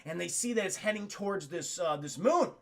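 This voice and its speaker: A young man streaming, retelling a movie to his chat in a rambling, profane, animated way. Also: sits high, brisk.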